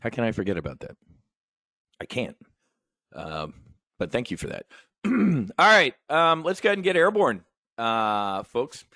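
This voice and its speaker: A man hosting a live options trading brief, talking in an energetic, rambling, conversational way with emphatic asides. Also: mid-range voice, measured pace, pauses often, dry recording, studio quality. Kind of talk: livestream trade brief.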